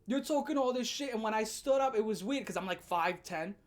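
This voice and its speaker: A woman telling a storytime rant as a vlogger, animated and profane, breaking into loud laughing shouts. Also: a little high, brisk.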